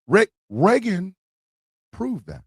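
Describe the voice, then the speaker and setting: A man's voice: sits high, huge pitch swings, slow pace, a little mellow, breathy edge, no echo, studio quality. A man hosting a livestream, delivering a blunt political monologue with emphatic repetition and swearing. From United States. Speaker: host.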